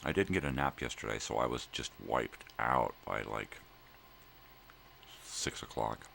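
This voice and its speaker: A man's voice: a bass voice, unhurried, gravelly, a bit bright, slight background noise. An older man rambling casually to viewers from home in the early morning, profane and drifting between thoughts. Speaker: daily vlog host.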